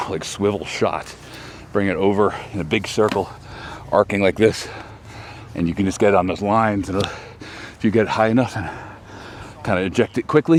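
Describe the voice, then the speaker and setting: Out on a disc golf course, a low-pitched male host from Texas, US, rambles chattily about his throws in a casual vlog, poking fun at himself. There's slight background noise.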